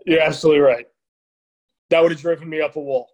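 High-voiced man telling lively anecdotes. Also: fast talker. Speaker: podcast co-host. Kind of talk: casual chat.

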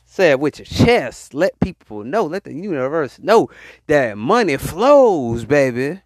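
A man's voice: a little high, very animated, no room sound, clean studio sound. A man hosting his podcast, preaching. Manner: call-and-response exhortation, drawn-out hype. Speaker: podcast host. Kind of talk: motivational preaching monologue.

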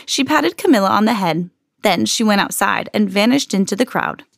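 A woman hosting a podcast, reading a children's picture book aloud in an expressive storytelling manner. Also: mid-range voice, moderate pace, vocal fry, no room sound, clean studio sound.

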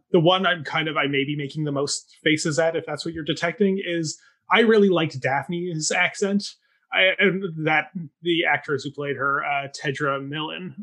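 A man on a podcast giving his view of a stage production in measured, casual talk with stammered restarts. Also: on the high side, sharp tone. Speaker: theatre reviewer. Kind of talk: casual podcast review chat.

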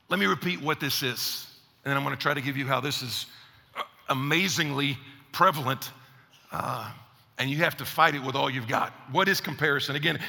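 A man preaching a sermon as pastor, animated, acting out grumbling voices. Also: sits high, vocal fry. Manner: animated preacher, acts out complainers in raised voices. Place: church sanctuary. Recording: long hall reverb.

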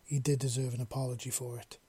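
A man voicing a gentle, earnest young male clawed creature in a read-aloud story, speaking sincerely and softly, with a dark, husky tone. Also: medium pitch, flat delivery, quick pace, lightly acted. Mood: warm, playful. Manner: sincere, apologetic, softly spoken.

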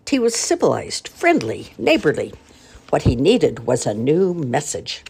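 An older grandmother reading picture books aloud in an expressive, playful way. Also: low-pitched, unhurried, a little hiss or hum. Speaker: storyteller grandmother.

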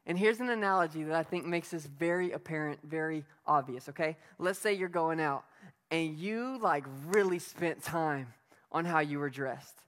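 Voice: mid-range voice, normal speed, a bit bright. A preacher giving a sermon in an emphatic, conversational way, asking the listeners rhetorical questions. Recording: long reverb of a hall.

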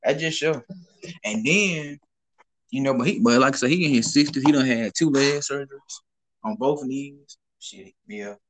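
A man's voice: mid-range voice, normal speed. A young man hosting a podcast, telling stories in a loose, profane, casual chat. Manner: loose, profane storytelling with animated swings. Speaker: podcast host.

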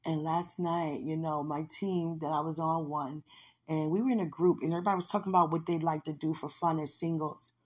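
Woman, husky low voice, devotional podcast talk, fervent, laughs often. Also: fairly even intonation, a little fast, a little mellow. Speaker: podcast host.

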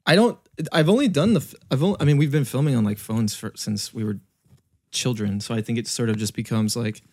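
A relaxed young man chats as a podcast guest, rambling and a little self-deprecating. His voice is recorded close and dry, with no room around it. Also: medium pitch, a little fast, husky, no room sound. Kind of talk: casual chat.

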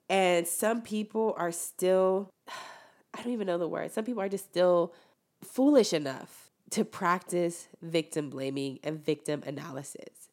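A young woman delivers a casual opinion monologue as host, her voice sitting slightly low for a woman. She talks in an animated, preachy way and jumps to loud emphatic peaks.

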